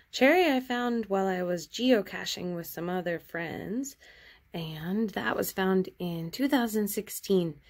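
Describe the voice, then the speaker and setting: A woman artist cheerfully and gently chatting through her sketches in a casual show-and-tell. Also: lowish voice.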